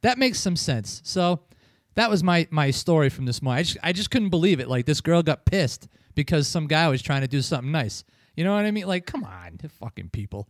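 A man hosting a loose podcast, his voice sitting a bit high. He rambles through stories with plenty of swearing and quick laughs. The recording is dry and close, with no room sound. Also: lively intonation, dry recording. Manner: profane, rambling, chuckles often. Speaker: podcast host. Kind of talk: casual chat, storytelling.

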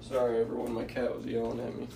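Speaking fast and monotone with vocal fry, a man in a mid-range voice hosts a casual solo podcast with background noise. His talk is rambling, profane, and full of jabs at himself.

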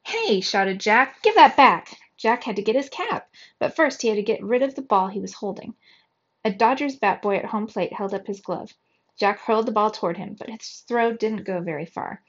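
Brief: woman storybook reader, lively, dull lo-fi sound. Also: mid-range voice, moderate pace. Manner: lively, expressive reading. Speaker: reader for children. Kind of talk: reading a children's book aloud.

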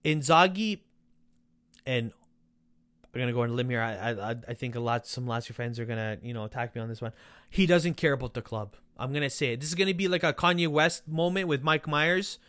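A man hosting a football podcast, ranting sarcastically and swearing as he talks to the players directly, his voice worn from yelling. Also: fairly high pitch, a little fast, no echo. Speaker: podcast host. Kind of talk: casual football rant.

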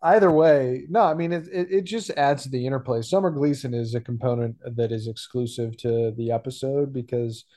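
Male podcast co-host, warm and mellow, hesitant and reflective delivery. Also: mid-range voice, fairly quick, few pauses. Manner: thoughtful, hesitant with many fillers. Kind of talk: casual discussion.

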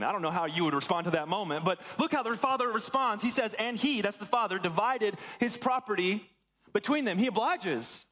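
A man's voice: sits high, lively intonation, brisk, sharp tone. A man preaching, reading a Bible passage aloud and then explaining it in a casual, conversational way. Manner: reads scripture then explains it conversationally, acting out quotes. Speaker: pastor. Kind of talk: sermon with scripture reading.

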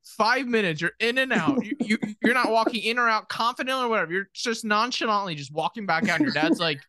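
A teasing co-host riffs through casual banter, swearing freely and slipping into mock voices. The pitch jumps around a lot. The tone is bright and tense. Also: lively intonation, quick pace. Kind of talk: casual chat.

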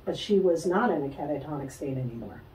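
Animated woman telling a story in a roomy space. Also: deep voice, fast talker, recorded from a distance, slight background noise. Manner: animated storyteller, acts out quoted voices, laughs often. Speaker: guest, spiritual healer. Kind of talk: storytelling in a casual interview.

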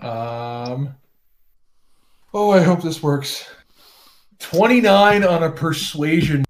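A man playing a tabletop game, talking in a hesitant, halting way. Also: a little high, animated. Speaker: player.

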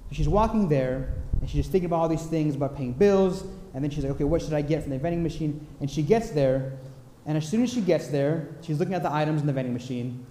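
Male pastor telling a story in his sermon, chatty with lots of ums, warm dark tone, big echoey church room. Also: on the high side, lively intonation, fast, few pauses, a little hiss or hum. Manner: conversational, with frequent fillers. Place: church sanctuary.

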